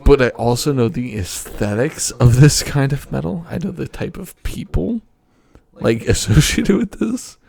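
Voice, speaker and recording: Gravelly young man, casual banter. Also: mid-range voice, lively intonation, unhurried, a little mellow. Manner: joking, swearing, laughing often. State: tipsy from drinking soju. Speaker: podcast co-host. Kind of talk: casual chat reviewing albums.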